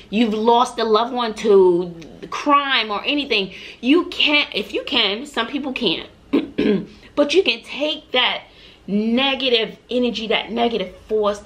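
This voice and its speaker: A woman's voice: fairly high pitch, sharp tone. A middle-aged woman from Texas telling personal stories on her vlog in a chatty, heartfelt, motivational way, talking straight to her viewers. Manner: earnest, emotional, chatty, addresses viewers directly. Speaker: vlogger.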